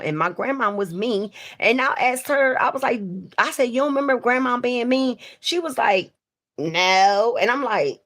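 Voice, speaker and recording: A woman's voice: medium pitch, a bit bright. A woman chatting casually with viewers on a livestream, swearing freely and talking straight to them. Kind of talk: casual live stream chat.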